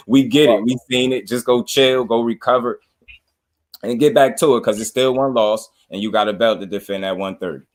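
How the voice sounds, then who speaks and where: A man's voice: lowish voice, fairly quick. A man hosting a casual panel chat, talking boxing in a slangy, opinionated way. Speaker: boxing show host.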